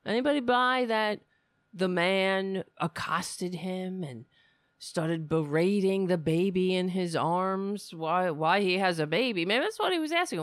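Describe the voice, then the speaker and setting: Slow, sarcastic ranting woman. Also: fairly low pitch, lively intonation, no echo, clean studio sound. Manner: sarcastic, profane ranting with mocking voices. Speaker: podcast host. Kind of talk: angry political commentary.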